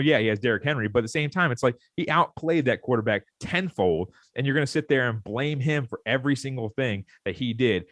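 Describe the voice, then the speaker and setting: A man's voice: mid-range voice, no echo. A young man co-hosting a casual sports podcast, ranting with heated, fired-up energy. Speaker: podcast co-host.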